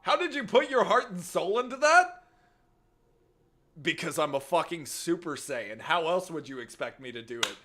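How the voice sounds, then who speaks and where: Loud, joking streamer man. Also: a little high, big pitch swings, moderate pace, slight background noise. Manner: loud joking banter, swearing, shouting greetings. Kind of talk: casual gaming livestream chat.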